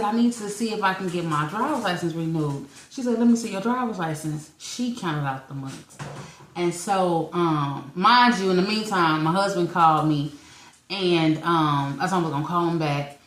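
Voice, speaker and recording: Woman, 40s, slightly low voice, animated storytelling, echoey room. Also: moderate pace, slight background noise. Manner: animated storyteller, acts out quotes, laughs often. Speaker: podcast co-host. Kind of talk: casual storytelling chat.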